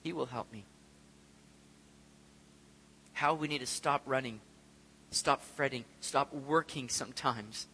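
Bright-voiced male preacher in a reverberant hall. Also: medium pitch, slow pace, pauses often, slight background noise. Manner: conversational preaching with rhetorical questions. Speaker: pastor. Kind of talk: sermon.

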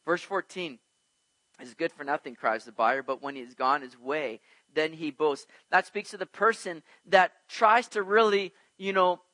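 Man pastor, bright and forceful, slightly high voice, animated verse-by-verse preaching, dry close sound. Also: moderate pace, dry recording, rough recording. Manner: animated, asks the congregation questions and acts out little scenes. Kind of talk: expository sermon on Proverbs.

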